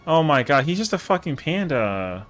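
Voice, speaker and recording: A man's slightly high, fairly bright voice rises and falls sharply at a moderate pace as he live-streams a game with soft music behind him. His casual chat is all jokes, cursing and theatrical, playful indignation.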